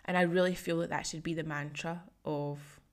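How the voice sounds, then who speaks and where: A woman's voice: low-pitched, fairly even intonation, moderate pace. A woman in her thirties, a fitness coach hosting a casual solo podcast, talking chattily and emotionally with lots of fillers. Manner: chatty, heavy use of "like", emotional and gushing. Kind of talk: casual solo podcast, reading client feedback.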